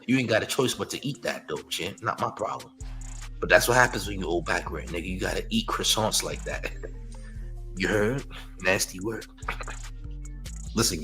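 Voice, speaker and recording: A man's voice: deep voice, sharp tone, rough recording. A man hosting a live-stream news show, mocking a critic in loose slangy commentary and leaning on "champ" and "you heard".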